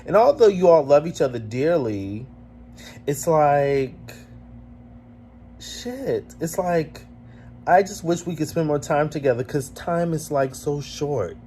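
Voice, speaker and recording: Male vlog host, slightly high voice, emotional and rambling, just out of bed, faint hiss behind. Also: animated, takes it slowly, warm tone. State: just woken, emotionally heavy. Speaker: vlogger host. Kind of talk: casual reflective vlog.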